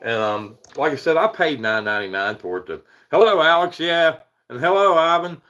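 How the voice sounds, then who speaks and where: Speaking at normal speed with lively intonation, this man's slightly high voice has a sharp tone, though the audio is dull. He's a paranormal livestream host from the Eastern US who rambles, greets chatters by name, and chuckles self-deprecatingly.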